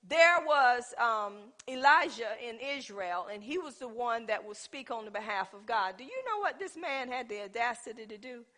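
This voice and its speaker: A woman preaching a sermon, talking with the congregation and swinging from loud exhortation to soft asides. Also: fairly high pitch, expressive, normal speed, hardly any pauses. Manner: conversational, calls out to the congregation.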